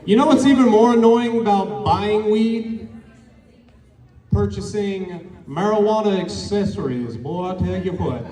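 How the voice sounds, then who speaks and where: A man's voice: high-pitched, a little slow. A man performing a crude, rambling stand-up set at an open mic, acting out the people in his stories. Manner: crude, rambling storytelling with acted-out quotes. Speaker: stand-up comedian. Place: open mic show in a bar or small venue. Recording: echoey room, mic from a distance. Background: crowd reactions.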